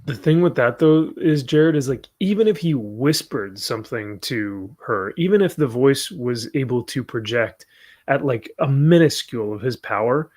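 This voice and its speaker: Mid-pitched laid-back rambling man. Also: expressive, moderate pace, a little mellow. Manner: casual, rambling, "like" and "bro". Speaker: podcast guest. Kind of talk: casual podcast discussion.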